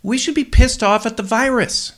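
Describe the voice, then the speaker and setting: A man's voice: very high voice, normal speed, fairly bright tone. A man hosting a solo podcast, rambling bluntly and swearing freely. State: up before dawn, tired. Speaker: podcast host.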